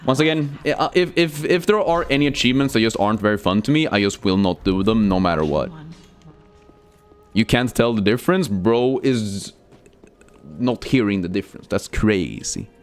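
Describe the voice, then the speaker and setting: A man's voice: mid-range voice, moderate pace, soft background music. A young man streaming a game, chatting casually, joking and swearing while he reads chat aloud.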